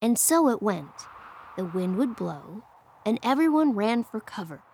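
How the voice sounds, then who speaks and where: A woman reading a children's picture book aloud in a playful, expressive way. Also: a little high, unhurried, slight background noise. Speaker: storyteller.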